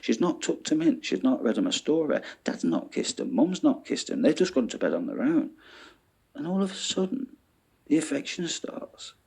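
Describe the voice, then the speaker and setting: A man ranting in an animated monologue, swearing and checking in with "yeah?". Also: a little high, normal speed, gravelly, husky. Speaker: vlogger.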